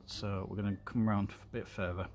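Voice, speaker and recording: This streamer has a fairly low, darkish voice with a level tone, and he chats loosely while working through a craft project with his hands. It's a casual tutorial, filler-heavy with ums and prone to rambling off topic. Faint room noise is audible underneath.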